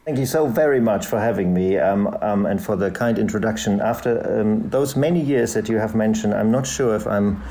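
Gravelly German man, hesitant. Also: on the low side, moderate pace, few pauses, dark tone. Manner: hesitant, many fillers and restarts. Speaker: guest, journalist and author. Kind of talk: conversational interview answers. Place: podcast recording.

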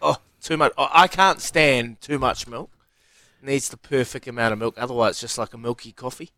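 A New Zealand man co-hosting breakfast radio with opinionated, playful banter. His voice is recorded close and dry. His pitch sits in the middle. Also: brisk, pushed and bright, no room sound. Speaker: radio co-host. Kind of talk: casual breakfast radio chat.

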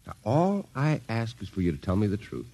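A stern army colonel. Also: male voice, on the low side, wildly swooping pitch, brisk, gravelly, mellow, heavily acted. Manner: firm, commanding, exasperated. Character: stern middle-aged male army colonel and father. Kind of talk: vintage radio drama acting.

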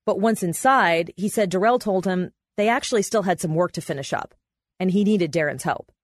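A woman reporter and podcast host, telling a court story in measured, matter-of-fact scripted narration. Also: on the low side, no room sound, studio quality.

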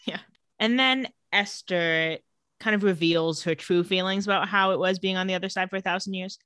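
A woman co-hosting a casual podcast, retelling TV scenes and slipping into quick quoted lines. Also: medium pitch, steady tone, fairly bright tone, clear, resonant tone, no echo. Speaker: podcast co-host. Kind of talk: casual TV episode recap.

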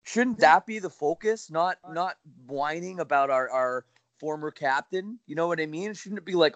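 A man's voice: on the high side, expressive, moderate pace, few pauses, fairly bright tone, dry recording, muffled recording. Man, casual hockey debate, rhetorical questions, reasoned tone, dry close sound.

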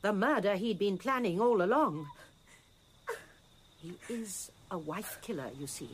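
A woman playing a shrewd, determined elderly spinster detective in a radio drama, crisp and insistent. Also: medium pitch, lively intonation, measured pace, noisy background, close to an everyday voice. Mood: explaining. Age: older. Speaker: amateur sleuth.

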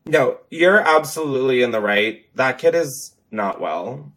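A man's voice: mid-range voice, measured pace. A man hosting a podcast on headphones, chatting casually, joking and swearing as he answers callers. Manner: profane, joking, animated. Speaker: podcast host. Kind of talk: casual chat.

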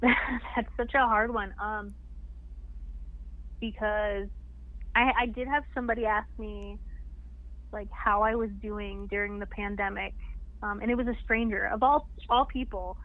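A woman's voice: medium pitch, steady tone, measured pace, long pauses. A woman chatting casually as a podcast guest, laughing often and filling her talk with "like". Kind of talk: casual interview chat. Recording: tinny phone line.

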